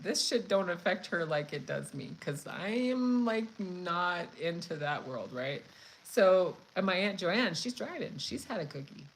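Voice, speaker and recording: A woman hosting a cooking channel, chatting casually and telling a story in a frank, profane, animated way. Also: lowish voice, a little hiss or hum, low-quality recording. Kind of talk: casual live chat storytelling.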